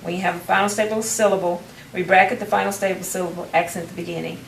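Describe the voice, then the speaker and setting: A woman's voice: on the low side, fairly even intonation, fast talker, creaky. A woman, teaching a classroom phonics lesson, patiently prompting her students and restarting phrases. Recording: roomy, distant, faint background noise.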